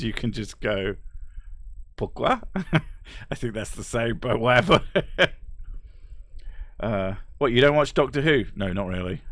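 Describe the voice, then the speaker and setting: A man streaming casually, reading chat aloud and ranting bluntly with plenty of swearing and quick laughs. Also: medium pitch, fairly bright tone, dry recording.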